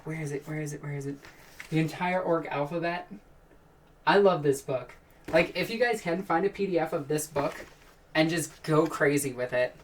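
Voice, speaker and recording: A woman hosts a casual live stream from her home room with a fairly low voice. She rambles enthusiastically, sighs often and restarts her sentences. The mic sits a little way off, so she sounds distant. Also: normal speed, slight background noise. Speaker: live streamer answering chat.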